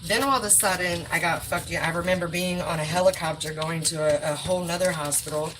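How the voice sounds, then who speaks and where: A woman's voice: lowish voice, fairly even intonation, quick pace, fairly bright tone, slight background noise, poor audio. A woman chatting bluntly and profanely on a livestream while putting groceries away in her kitchen. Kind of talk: casual livestream chat. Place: home kitchen.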